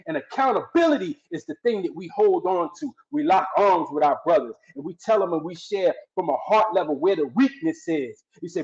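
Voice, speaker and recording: A man's voice: fairly high pitch, lively intonation, a little fast, hardly any pauses. Fervent man giving a motivational speech. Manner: fervent, preacher-like emphasis with repetition. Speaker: guest speaker. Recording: dull lo-fi sound.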